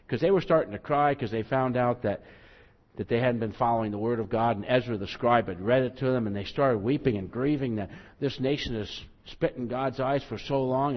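A male pastor preaching a sermon in a conversational, self-deprecating way, acting out quotes with rising emphasis. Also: mid-range voice. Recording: muffled, long hall reverb.

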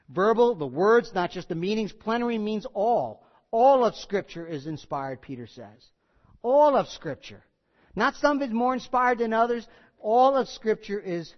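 A man delivers a sermon with a high-pitched voice. He hammers key words, then sinks quiet and low. The sound is muffled and rings with a long hall reverb. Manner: emphatic, building to loud peaks then dropping low. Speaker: pastor.

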